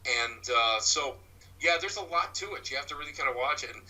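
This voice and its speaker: A man who works as a psychic medium and teaches mediumship, telling rambling stories in a halting way, often restarting his words. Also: mid-range voice, lively intonation, pushed and bright, recorded from a distance, low-quality recording. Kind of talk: rambling anecdotal storytelling.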